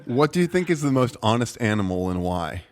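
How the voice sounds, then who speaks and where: Man asking absurd questions, mid pitch. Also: sing-song, brisk. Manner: absurd long-winded joke questions. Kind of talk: casual comedic chat.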